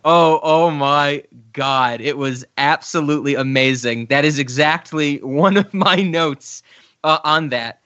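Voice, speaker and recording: A man co-hosting a podcast in casual chat, enthusiastic and quick to laugh. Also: fairly high pitch, bright, forceful tone, clean tone. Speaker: podcast co-host. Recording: slightly dull, lo-fi recording.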